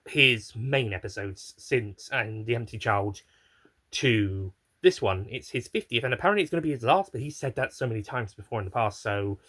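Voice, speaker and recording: A man's voice: medium pitch, lively intonation, moderate pace, bright, forceful tone. A man giving a casual spoken review, rambling and digressive with many fillers and restarts. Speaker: video reviewer.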